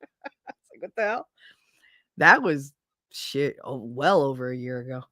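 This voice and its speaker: A woman's voice: very deep voice, lively intonation, normal speed, a bit bright, no room sound, clean studio sound. A woman hosting a casual livestream from a home setup on a desk microphone. She rambles in loose, stream-of-consciousness chat, swears freely and laughs often. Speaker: livestream host.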